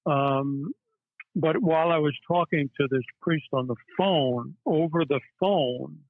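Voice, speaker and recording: A man, a psychiatrist guest, telling stories in a halting way with many fillers. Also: on the high side, dry recording. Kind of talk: casual interview storytelling. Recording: tinny phone-line audio, dry.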